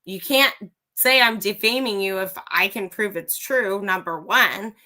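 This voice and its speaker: A woman's voice: medium pitch, unhurried, sharp tone. A woman hosting a livestream, giving a blunt, profane opinion rant straight to her viewers. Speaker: livestream host. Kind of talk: ranting live commentary.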